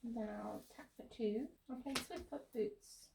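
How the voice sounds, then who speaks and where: A woman playing a casual card game, cheerful and quick to laugh. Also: on the high side, gravelly, a little mellow, slight background noise, low-quality recording. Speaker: player. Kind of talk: casual tabletop game play.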